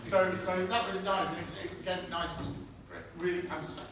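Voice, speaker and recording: Middle-aged man, high-voiced, stop-start storyteller; picked up from afar on a phone, boomy echoing room with background noise. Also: fairly even intonation, gravelly. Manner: halting and anecdotal, with frequent restarts and chuckles. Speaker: retiring army medic giving a farewell speech. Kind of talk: informal farewell speech to friends. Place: indoor gathering in a historic hall at night. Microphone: friend's phone held at a distance. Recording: distant phone recording, very echoey room, audible noise. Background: room ambience of a gathering.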